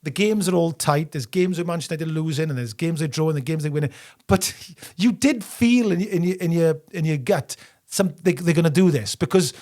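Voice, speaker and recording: A Welsh man in middle age co-hosts a casual podcast chat, telling anecdotes with plenty of laughter. His voice sits a little high for a man. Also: fairly quick. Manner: animated, laughs while telling stories. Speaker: podcast co-host.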